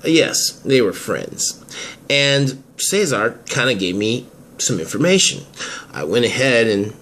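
A man playing a smug, scheming man in a hobby audio drama, talking slowly and chuckling as he gloats. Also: mid-range voice, lively intonation, a bit bright, a little hiss or hum. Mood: menacing. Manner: slow and gloating, chuckles between lines.

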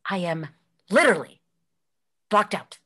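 A woman performing a solo comedy piece, narrating her own story with animated delivery. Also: lowish voice, unhurried, breathy edge. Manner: animated, swinging from storytelling to shouting.

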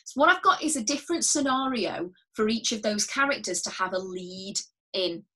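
A woman leading a drama workshop, giving clear, patient, step-by-step instructions and often repeating key words. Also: mid-range voice, lively intonation, moderate pace, bright, forceful tone. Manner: encouraging and reassuring toward learners at home. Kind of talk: recorded instructional drama lesson.

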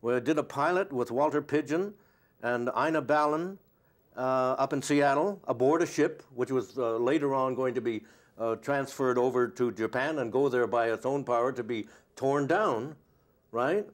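An older man, an actor being interviewed, talking in a rambling, anecdotal way with lots of pauses and fillers. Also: mid-range voice. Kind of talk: casual interview chat.

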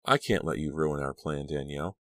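A man voicing a sinister middle-aged woman who speaks in a soft, steady, coldly insistent way. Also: extremely low pitch, fairly quick, no echo, clean studio sound. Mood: menacing.

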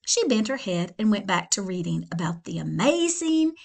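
A woman's voice: medium pitch, very animated, normal speed, vocal fry, darkish tone. A middle-aged woman, a school librarian, reading a children's novel aloud with chatty asides to young listeners.

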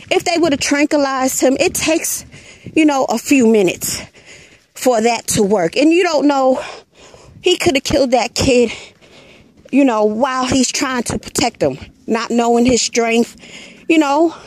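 A woman's voice: sits high, darkish tone. A woman hosting her own channel, retelling a story in blunt, profane, casual commentary and punctuating her points with an emphatic "Hello.". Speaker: channel host.

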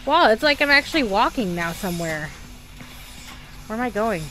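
A woman's voice: a little high, sing-song, normal speed. A Southern American woman in her thirties narrates her gameplay as she goes, chatty and full of exclamations. She talks to herself as she tries to work out where to go. Faint music plays behind her. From Texas, USA. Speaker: gaming streamer. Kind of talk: live gameplay commentary.

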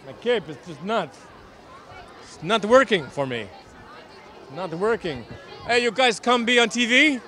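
A man with a high, light voice chats cheerfully with costumed kids outdoors, coaxing them onto camera. He jokes in the role of a harmless vampire count, with a murmur of people around him. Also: bright, forceful tone. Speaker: community TV street interviewer. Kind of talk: casual street interviews with costumed children. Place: outdoors at a street Halloween parade.

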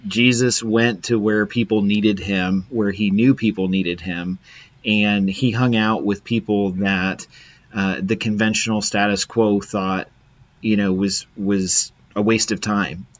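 A host speaks in a heartfelt, halting way over a video call. His voice sits on the low side, and the audio is dull and lo-fi. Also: fairly even intonation. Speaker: podcast host. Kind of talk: casual video-call interview.

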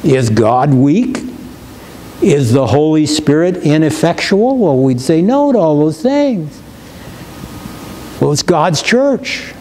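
Slow dark-toned guy preaching in church, leans hard on the scripture bits, bit of background hum. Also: a little high, very animated, poor audio. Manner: slow, emphatic preaching with rising reads of scripture. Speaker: pastor. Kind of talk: sermon. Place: church sanctuary.

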